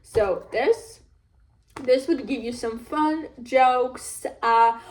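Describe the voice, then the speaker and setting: A woman with a fairly high voice talks through a book review in an unhurried, loose way. She rambles and leans on filler words as she goes, keeping the tone relaxed and conversational. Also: slight background noise. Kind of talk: casual book review chat.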